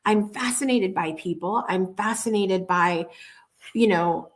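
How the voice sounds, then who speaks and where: A chatty woman hosts a live show, telling little stories in a relaxed, heartfelt way. She often trips over her words and starts again, keeping her tone earnest and conversational. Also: medium pitch, unhurried. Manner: chatty, warm, earnest, with many restarts. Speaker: show host. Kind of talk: casual storytelling on a live show.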